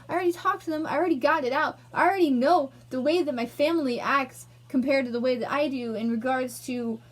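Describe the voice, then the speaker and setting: A young woman ranting angrily in a personal vlog, emotional and swearing. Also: sits high. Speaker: vlogger.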